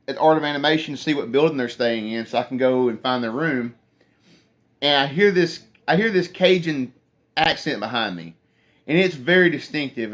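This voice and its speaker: A young man, hosting a casual phone livestream, telling a rambling story and reading viewer comments aloud. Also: mid-range voice. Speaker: livestream host. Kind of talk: casual live chat with viewers. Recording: dull lo-fi phone stream audio.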